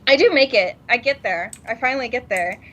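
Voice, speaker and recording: A woman's voice: fairly high pitch, fairly quick, a little hiss or hum. Laughing woman telling a travel story. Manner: animated, laughs often, acts out quotes. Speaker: podcast co-host. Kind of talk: casual storytelling chat. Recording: dull lo-fi sound.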